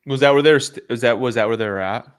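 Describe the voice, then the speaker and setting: A man's voice: medium pitch, fast, clear, resonant tone. A man hosting a podcast, asking casual interview questions with loose filler words. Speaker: podcast host.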